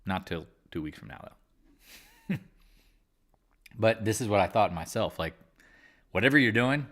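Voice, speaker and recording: Candid low-voiced trading host, rambling. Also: male voice, expressive, a little slow, a bit bright. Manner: candid, rambling, swears casually. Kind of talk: casual live market chat.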